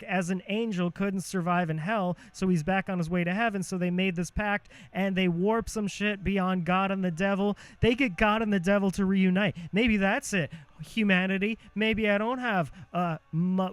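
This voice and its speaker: Brief: young male host, fairly high and smooth voice, dry close sound, profane self-mocking rambling. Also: dry recording. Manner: profane, self-mocking, shifts cadence and pitch on purpose. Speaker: podcast host. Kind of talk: rambling monologue.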